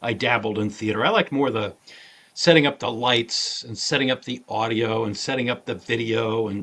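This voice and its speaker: A man's voice: mid-range voice, moderate pace, fairly bright tone, a little hiss or hum. A man co-hosting a legal talk show, explaining law in a casual way with many fillers. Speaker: lawyer co-host.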